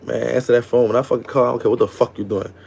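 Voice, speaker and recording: A man's voice: medium pitch, flat delivery, rapid-fire, vocal fry, a little mellow, slightly rough. A man putting on a swaggering street guy. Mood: bossy. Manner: swaggering, flirty and bossy. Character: smooth-talking macho street guy on the phone.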